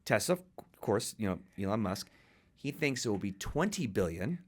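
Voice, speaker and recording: A man's voice: on the low side, big pitch swings, moderate pace, darkish tone. A man hosting a casual podcast, talking in an enthusiastic, jokey way.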